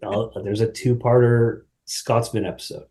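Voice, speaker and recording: Man, podcast guest, casual chat, rambling, filler-heavy, laughs often, average pitch. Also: steady tone, moderate pace, dark tone.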